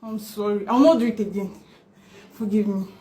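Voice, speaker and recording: A woman's voice: medium pitch, a little fast, warm tone, lightly acted. A woman playing a begging caught wife. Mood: pleading. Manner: begging, repeating apologies. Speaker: unfaithful wife. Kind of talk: skit acting.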